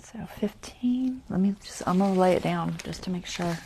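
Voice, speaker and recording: A woman's voice: fairly low pitch, normal speed, dark tone, a little hiss or hum. A woman hosting a casual craft tutorial livestream, chatty and self-deprecating, talking herself through each step and muttering half-whispered asides.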